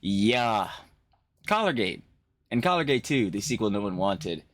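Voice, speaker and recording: A man hosting a casual reaction stream, animated and profane, repeating himself for emphasis. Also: fairly low pitch, measured pace.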